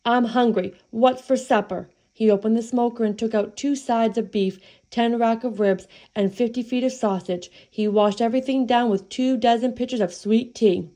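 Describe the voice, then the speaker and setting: Woman storyteller, mellow tone, folksy playful read-aloud of a children's tale. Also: on the high side, fairly even intonation, normal speed, hardly any pauses.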